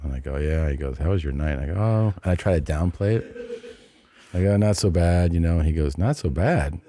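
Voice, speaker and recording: Middle-aged guy hosting a podcast, low voice, rambly storytelling, lots of restarts. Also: fast talker, dark tone. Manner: rambling anecdote with frequent restarts and asides. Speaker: podcast host. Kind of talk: casual storytelling chat.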